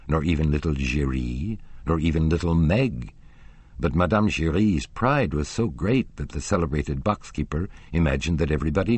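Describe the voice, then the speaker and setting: Very deep, husky male audiobook narrator. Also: darkish tone, no room sound. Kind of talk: scripted narration of a classic novel.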